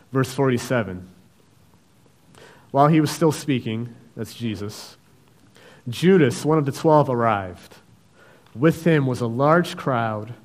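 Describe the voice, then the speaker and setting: Man, sermon, storytelling preacher, acts out quotes, mid pitch. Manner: acts out biblical voices, dramatic swings in loudness.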